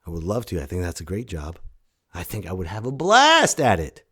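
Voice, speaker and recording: Loud, animated man hosting a solo podcast. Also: low-pitched, brisk, breathy edge. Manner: loud, animated, jokey rambling with sudden shouted bits. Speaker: podcast host. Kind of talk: casual solo podcast monologue.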